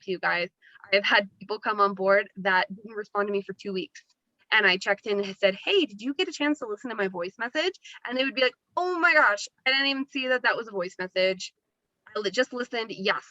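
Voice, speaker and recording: A bright, crisp-voiced woman coaching her team over a video call, upbeat and chatty. The sound is dry and close, a little dull and lo-fi like a laptop mic. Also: mid-range voice, no echo. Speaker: team leader training new members. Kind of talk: Zoom team training call.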